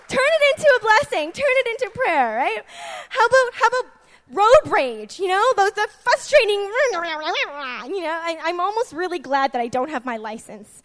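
High voiced woman in her 20s giving a sermon, lots of restarts, gets loud and laughy. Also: normal speed. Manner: lively and laughing, swings from soft asides to loud excited bursts; chatty, with many restarts and fillers. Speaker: preacher.

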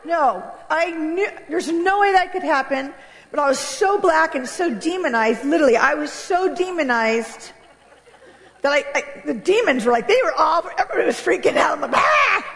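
A woman giving a candid, animated church testimony, laughing often as she speaks. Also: sits high, normal speed, long reverb tail. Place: church hall.

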